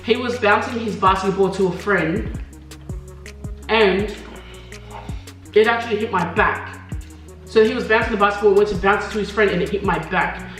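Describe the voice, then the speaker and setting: A woman's voice: moderate pace, long pauses, distant mic. Echoey young woman telling a story. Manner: animated, acts out quoted voices in high pitch, laughs often. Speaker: mukbang co-host. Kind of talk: casual storytelling chat. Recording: echoey room, off-mic, faint music.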